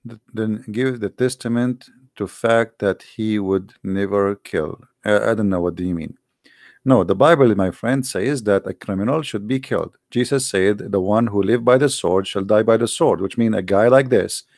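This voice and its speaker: Non-native male commentator, low gravelly voice, argumentative and repetitive, dry close recording. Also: darkish tone, dry recording. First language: not English. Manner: argumentative, repeats himself, halting non-native English. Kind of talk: casual heated monologue.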